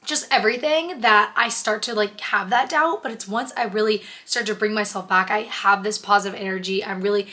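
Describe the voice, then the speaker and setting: A woman's voice: medium pitch, moderate pace, few pauses, bright, forceful tone. A young woman vlogging in a chatty, gushing, earnest way, full of "like". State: emotional, close to tears. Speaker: lifestyle vlogger. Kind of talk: casual vlog chat.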